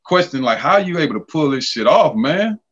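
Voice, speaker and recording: Casual podcast storyteller, man, animated and profane, a bit high, dull lo-fi audio. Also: brisk, husky. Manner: animated, profane, acts out quoted dialogue. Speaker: podcast guest, former college basketball player.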